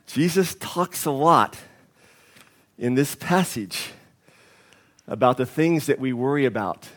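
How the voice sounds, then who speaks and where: A man's voice: mid-range voice, animated, slow pace. A male pastor preaching a sermon, telling a story with candid, humorous asides.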